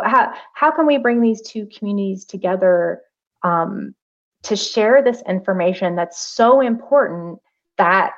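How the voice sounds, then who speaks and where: A woman researcher, appearing as a guest on a podcast, talks casually and thoughtfully in an interview setting, with lots of fillers and restarts. Her voice is fairly low and creaky, and the audio sounds dull and lo-fi.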